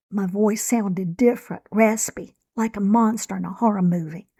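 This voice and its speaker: A woman reading her own memoir aloud in a measured, reflective storytelling manner. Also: medium pitch, dark tone, breathy edge. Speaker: author and narrator. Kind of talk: scripted memoir narration.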